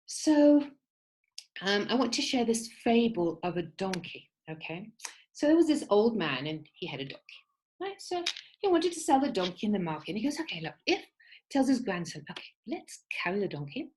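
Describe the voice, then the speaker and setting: A woman's voice: mid-range voice, sing-song, normal speed, a little mellow, a little hiss or hum, low-quality recording. A woman teaching an online creativity workshop, giving instructions in an encouraging way and checking in with her listeners. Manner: encouraging, repeats "okay?" to check in; acts out quoted voices while telling a fable.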